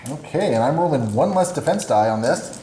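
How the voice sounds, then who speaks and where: A man with a slightly high voice talks through his turns of a miniatures game, cracking jokes at his own expense. The room is echoey, with a faint hiss under the talk. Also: lively intonation, fairly quick, warm tone. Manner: self-deprecating, joking, narrates his moves aloud. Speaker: tabletop game player and channel host. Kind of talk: casual battle report commentary.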